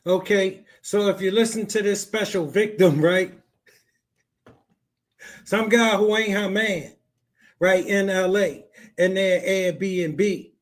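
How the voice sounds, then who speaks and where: A man's voice: sits high, steady tone, takes it slowly, pauses often. A man hosting a podcast, giving blunt, slangy commentary on a clip. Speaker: podcast host.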